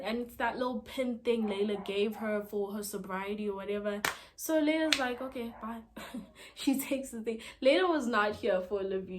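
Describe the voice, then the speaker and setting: A woman casually recapping a TV episode for her viewers, talking straight to them and acting out the characters' lines in a lively way. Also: medium pitch, slight background noise. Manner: animated, quotes characters in lively retellings. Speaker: TV episode reviewer.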